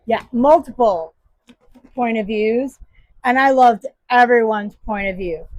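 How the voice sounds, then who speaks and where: A woman's voice: on the high side, a little slow, no room sound, low-quality recording. A woman book vlogger casually reviewing her monthly reads, enthusiastic and emphatic.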